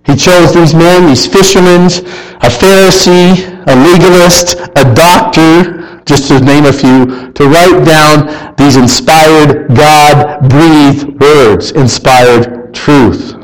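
Earnest higher-voiced male preacher. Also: slow pace, poor audio. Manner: earnest, rising to animated emphasis and dropping to quiet asides. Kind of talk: sermon.

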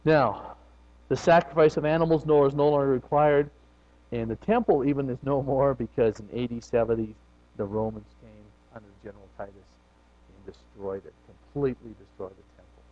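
A man preaching a conversational sermon, his voice rising and falling in loudness and pitch as he speaks. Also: normal speed. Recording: dull lo-fi recording.

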